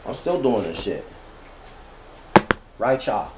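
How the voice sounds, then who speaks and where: A man giving a casual, profane motivational rant as a vlogger, talking slangy and sometimes drawing words out slowly. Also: mid-range voice, big pitch swings, very noisy.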